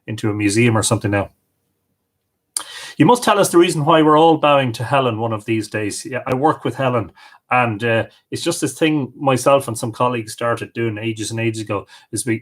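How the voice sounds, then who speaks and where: A middle-aged man with an Irish accent, hosting a livestream in a chatty way and reading out viewer comments. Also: mid-range voice. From Ireland. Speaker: livestream host. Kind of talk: casual live-stream greetings.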